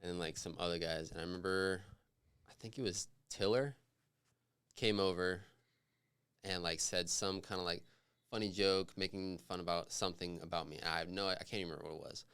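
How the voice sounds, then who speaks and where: Deep, smooth-voiced young man. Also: fairly quick. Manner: relaxed, laid-back storyteller, swears casually. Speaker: podcast guest. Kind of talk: casual chat.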